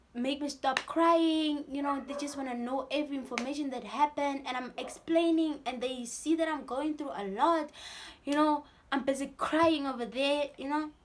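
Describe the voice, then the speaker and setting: A young South African woman with a South African accent, telling a storytime vlog in an animated way and acting out the people in her story. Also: high-pitched, normal speed, slight background noise. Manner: animated storytelling, switching into Sesotho-style phrases and acting out voices. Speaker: vlogger.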